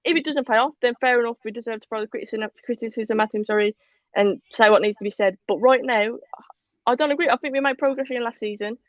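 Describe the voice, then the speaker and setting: A woman co-hosting a casual live football talk show, chatty and animated, reading out viewer comments. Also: fairly high pitch, quick pace, no room sound, lo-fi sound. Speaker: podcast co-host.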